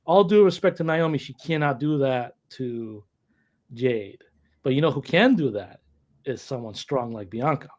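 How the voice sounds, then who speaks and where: A man contributing to a casual wrestling discussion, reasoning through the evidence in a deliberate way. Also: medium pitch, animated, a little mellow.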